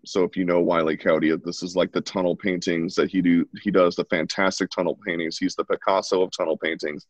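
With a deep voice, a man teaches a relaxed, talkative live drawing lesson at home, narrating as he draws. The sound is dry, dull, and lo-fi, without any echo.

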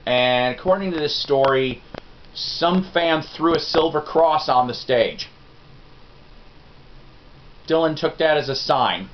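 A man's voice: a little high, slow, pauses often, a little hiss or hum. Chatty middle-aged man, dull lo-fi sound. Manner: chatty, folksy, self-deprecating, talks straight to viewers. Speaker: music review vlog host. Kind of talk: casual rambling review chat.

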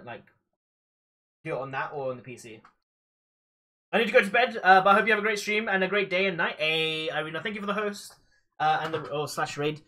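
A man's voice: fairly high pitch, sharp tone. A young man hosting a cooking live stream, chatting casually with lots of fillers and laughs. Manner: laughs often, rambling with fillers.

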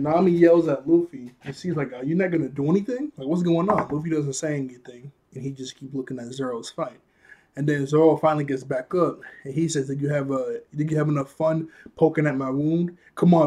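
A man casually recapping an anime episode, animated, laughing often, and acting out quotes in a raised voice, a bit out of breath. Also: on the high side, slightly rough. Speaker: anime reviewer.

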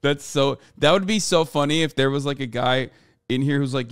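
A man streaming live, ranting casually to his chat, animated and exasperated, with heavy swearing. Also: mid-range voice, normal speed, clean tone, no room sound, studio quality.

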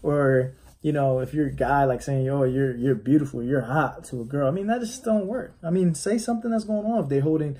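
Husky-voiced man giving casual sales advice. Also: a little high, a little fast, warm tone. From United States. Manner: rambling, restarts often, coaching tone. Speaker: real estate agent. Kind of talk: casual motivational vlog talk.

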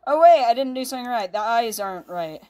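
A woman's voice: fairly high pitch, lively intonation, quick pace, mellow. A woman hosting a casual let's-play, talking through the game in a chatty, upbeat way and reading on-screen text aloud, with a child beside her at home. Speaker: gaming channel host.

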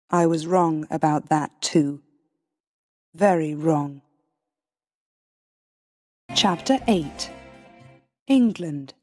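A woman tells a storybook in the first person, slow and clear with careful pauses. Her tone is mellow and the recording has a long hall reverb. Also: lowish voice. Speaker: story narrator. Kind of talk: first-person storybook narration for English learners.

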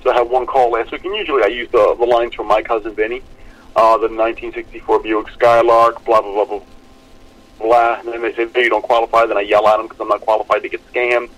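Animated, laughing man telling stories. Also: mid-range voice, quick pace, poor audio. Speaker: podcast co-host. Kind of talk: casual chat.

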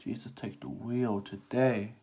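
A beauty vlogger chatting through a casual makeup tutorial with theatrical exclamations and quick whispered asides. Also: mid-range voice, fairly even intonation, dark tone.

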